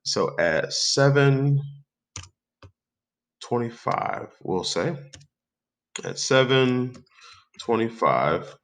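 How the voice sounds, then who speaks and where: A man hosting a software tutorial, calmly talking through each step aloud as he types into a document. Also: medium pitch, very slow, pauses often. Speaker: tutorial host. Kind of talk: screen-recorded software tutorial.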